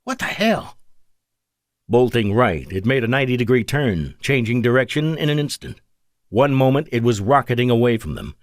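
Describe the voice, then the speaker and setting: Guy reading an audiobook, lively rise and fall, dry close mic. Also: mid-range voice, a little fast, no room sound. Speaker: audiobook narrator. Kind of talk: scripted narration.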